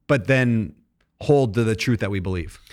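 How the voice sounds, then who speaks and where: A man's voice: on the low side, normal speed, darkish tone, no echo, clean studio sound. A man hosting a podcast interview who asks long, rambling questions full of fillers. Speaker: podcast host. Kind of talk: conversational interview.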